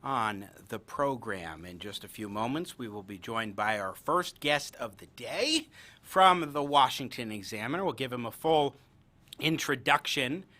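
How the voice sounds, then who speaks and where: A man hosting a radio talk show, upbeat and energetic in his patter. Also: mid-range voice, unhurried. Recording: music bed behind.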